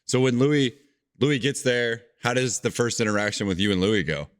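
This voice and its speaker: A man's voice: medium pitch, lively intonation, moderate pace. A man hosting a podcast, chatting casually and asking eager, incredulous questions. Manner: enthusiastic, incredulous, asks open questions. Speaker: podcast host. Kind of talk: casual interview chat.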